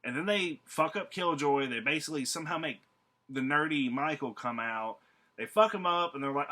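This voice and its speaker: A man's voice: on the high side, brisk, sharp tone. A man recapping a horror movie in a casual, rambling way, swearing freely and laughing as he goes. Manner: profane, rambling, laughing asides. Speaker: movie reviewer.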